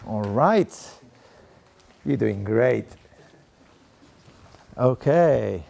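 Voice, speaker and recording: Speaking very slowly in an expressive, mellow mid-range voice with vocal fry, a middle-aged professor with a Spanish accent gives a playful, interactive talk. He chats with an audience seated at desks and often tags his lines with "okay?".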